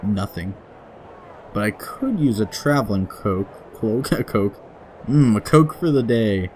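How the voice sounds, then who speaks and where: A man with a somewhat low voice works through a story game, reading each passage aloud at an unhurried pace. He keeps laughing at the text, then slips into quick offhand remarks before picking the narration back up. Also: expressive, a little mellow, slight background noise. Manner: giggly, laughs often while reading; reads story passages slowly, then mutters quick asides. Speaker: let's play gamer.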